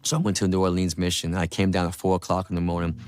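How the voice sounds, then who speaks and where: A man's voice: sits low, flat delivery, rapid-fire, a little mellow. A man telling his personal faith testimony in an earnest, emotional, repetitive way. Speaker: testimony speaker.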